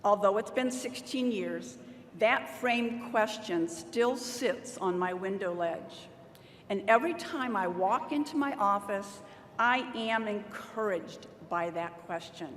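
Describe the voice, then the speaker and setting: At a podium microphone, a middle-aged woman on a university's staff gives a motivational commencement address in an expressive, medium-pitched voice. She speaks deliberately and rallies the crowd into call-and-response cheers. The hall is roomy, with long reverb and faint noise.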